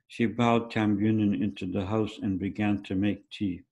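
A man's voice: lowish voice, fairly even intonation, moderate pace, hardly any pauses, darkish tone, rough recording. A man, an author, giving a wry, conversational reading of his own story at a literary festival.

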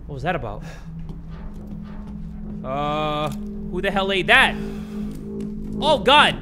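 A man commenting on a horror game he plays, joking, swearing and yelling in panic at the scares. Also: a little high, slow, loud music behind the voice. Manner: excitable, screams and yells at jumpscares; jokey, swears a lot. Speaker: gaming YouTuber.

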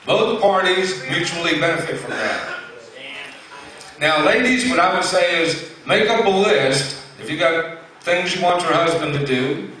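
A man's voice: fairly high pitch, moderate pace, bright, forceful tone. A man telling folksy stand-up jokes to a live audience, drawling with fillers. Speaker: stand-up comedian. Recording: echoey room from far off.

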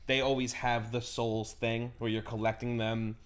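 A man co-hosting a casual chat about video games, talking with lively enthusiasm and swearing. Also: mid-range voice, moderate pace. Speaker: gaming show co-host.

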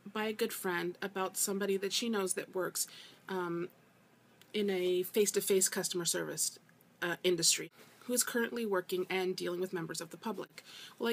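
A woman's voice: lowish voice, vocal fry. A woman vlogger ranting about customer service, emphatic and exasperated, often repeating herself for emphasis. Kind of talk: casual ranting vlog.

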